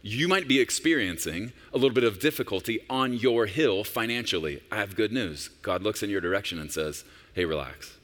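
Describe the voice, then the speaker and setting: A man's voice: fairly low pitch, expressive, a little fast, hardly any pauses, a bit bright. A senior pastor in his forties preaching a sermon in a conversational, personal storytelling manner with emphatic rises. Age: 40s.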